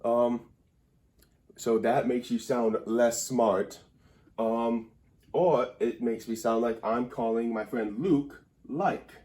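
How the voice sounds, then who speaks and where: Slow, mellow-voiced man teaching wryly. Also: medium pitch, fairly even intonation, faint music behind. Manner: rambling, wry and mock-serious. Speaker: mock grammar teacher. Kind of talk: comedic whiteboard lesson. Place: indoor room by a whiteboard.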